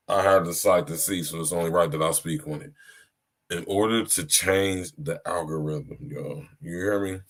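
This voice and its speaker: Deep-voiced man preaching on a podcast. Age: 30s. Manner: preachy, repeats "you hear me" and "man". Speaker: podcast host. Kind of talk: casual live-stream monologue.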